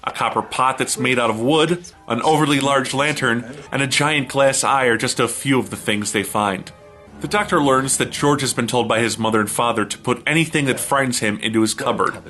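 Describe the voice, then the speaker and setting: A man hosting a comedy review show, giving a snarky, deadpan recap narration. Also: mid-range voice, brisk, faint music behind.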